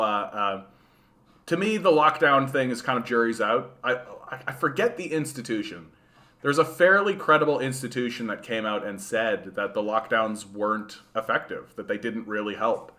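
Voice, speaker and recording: Casting note: Canadian male streamer, bright forward tone, loose rambling political chat, repeats himself. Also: medium pitch. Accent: Canadian English. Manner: rambling, repeats words, reads and answers chat. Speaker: livestream host. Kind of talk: casual political livestream chat.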